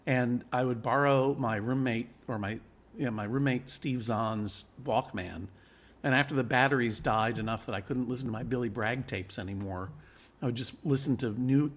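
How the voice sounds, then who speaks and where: A man chatting as a live-stream guest, telling long wry anecdotes with frequent laughter and restarts. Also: mid-range voice. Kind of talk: casual live chat.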